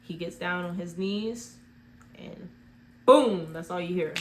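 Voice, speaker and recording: A woman's voice: on the low side, slow pace. Rambling chatty woman retelling a movie. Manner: rambling, heavy use of "like" fillers.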